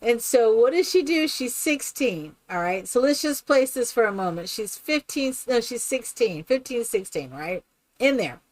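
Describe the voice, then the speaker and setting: Animated, chatty woman with a bright voice. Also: on the high side, normal speed, no echo. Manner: animated storyteller, laughs often, keeps asking "right?". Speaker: streamer. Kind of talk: casual chat while playing a game.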